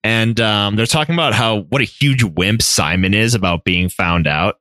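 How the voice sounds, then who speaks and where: A man recaps a novel on his podcast in loose, casual chat, peppered with "like" and the odd curse. His voice is bright and forceful, recorded close and dry. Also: on the low side, moderate pace, dry recording. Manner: casual, full of "like" and swearing. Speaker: podcast co-host.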